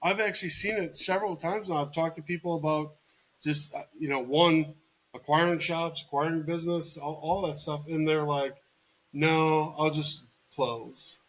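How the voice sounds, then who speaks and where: A man co-hosts a casual podcast in a voice pitched a little above the usual. He tells his stories plainly and matter-of-factly, dropping in dry jokes. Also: fairly even intonation, normal speed, fairly bright tone, low-quality recording.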